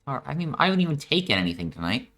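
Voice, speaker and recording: A man's voice: mid-range voice, very animated, very fast, fairly bright tone. A man reading a story game's text aloud and making casual, swearing asides as a let's play host, while ill. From United States.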